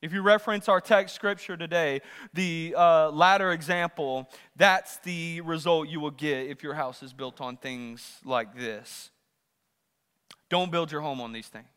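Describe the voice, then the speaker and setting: A man preaching a sermon as pastor, swinging between loud rising questions and hushed asides. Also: on the high side, a little slow, smooth, big-room sound. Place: church sanctuary.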